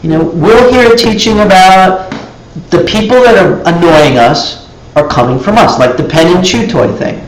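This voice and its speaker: A man with a fairly high voice teaching a live class in an echoey room with a faint hum of ambience behind him. He explains ideas casually and keeps slipping into little acted-out dialogues, jumping up in pitch to play each character. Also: moderate pace. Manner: animated storytelling, acting out dialogues in raised voices.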